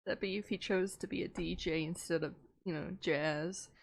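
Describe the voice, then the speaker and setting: A woman's voice: fairly low pitch, steady tone, normal speed, creaky. A woman playing a tabletop game, chatting playfully and giggling often. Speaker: player. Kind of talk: casual tabletop game chat.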